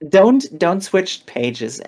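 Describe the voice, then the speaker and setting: A podcast co-host recapping a chapter in casual chat, animated and acting out characters in quick voices. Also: medium pitch.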